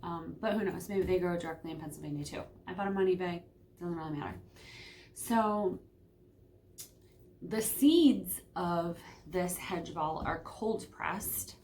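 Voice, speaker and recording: A woman's voice: lowish voice, unhurried, darkish tone, a little hiss or hum. Chatty woman vlogging at home. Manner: chatty, hesitant with many ums. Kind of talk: casual home vlog.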